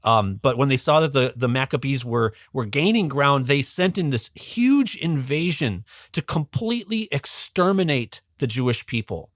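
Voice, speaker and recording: Animated male storyteller with a dry sound. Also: mid-range voice, moderate pace, hardly any pauses, no echo. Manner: animated storyteller, frequent ums and restarts. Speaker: podcast guest, religious educator. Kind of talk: casual storytelling explanation.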